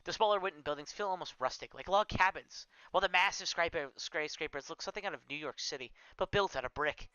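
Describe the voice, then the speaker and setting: A man's voice: a little high, fast talker, few pauses, pushed and bright, clear, resonant tone, dry recording, dull audio. A man reading his story aloud on a live stream, with small slips and corrections.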